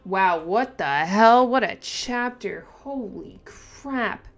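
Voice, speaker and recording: A woman reacting casually to a manga, thinking aloud with lots of fillers and restarts, and breaking into excited exclamations and giggles. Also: mid-range voice, slow pace. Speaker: manga reaction channel host.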